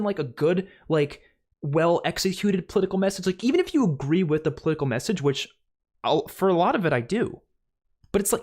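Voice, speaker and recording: A young man with a somewhat higher voice runs a livestream, ranting loosely and casually. Exasperated, he says "like" constantly and keeps starting his sentences over.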